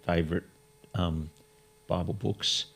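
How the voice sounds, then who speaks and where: A man's voice: deep voice, steady tone, takes it slowly, creaky, a bit bright, husky. A man hosting a conversational interview, speaking candidly and asking probing questions. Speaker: podcast host.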